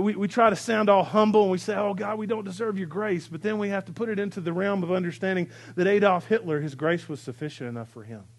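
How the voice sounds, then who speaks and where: High-voiced preaching man. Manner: dynamic preaching, dropping to soft hushed repetitions. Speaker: pastor. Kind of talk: sermon. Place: church sanctuary.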